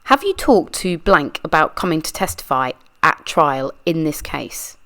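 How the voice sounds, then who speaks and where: A woman's voice: sits low, big pitch swings, measured pace, sharp tone, exaggerated voice. A woman reading a deposition aloud, voicing a lawyer who asks methodical, pressing questions. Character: persistent adult lawyer questioning a witness. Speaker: true crime channel reader. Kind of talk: read-aloud deposition reenactment.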